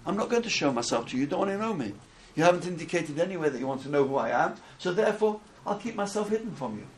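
A man's voice: a little high, very animated, fast. A man quoting a patient divine voice. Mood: calmly inviting. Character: patient divine voice addressing a person.

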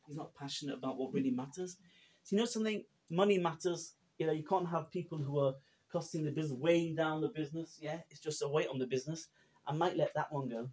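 A man preaching a sermon to a live audience, animated and full of storytelling asides. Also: on the high side. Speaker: rabbi.

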